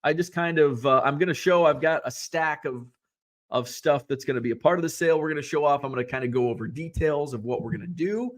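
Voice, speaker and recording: A man's voice: a little high, fast. A man hosting a sports card livestream, chatting loosely, telling rambling stories, swearing casually, and reading viewers' comments aloud. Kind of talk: casual livestream chat and storytelling.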